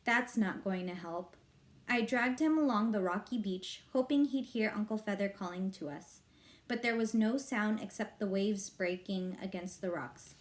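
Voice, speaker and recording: A woman reading a children's novel aloud, with expressive, lively narration. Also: mid-range voice, normal speed. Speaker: reader.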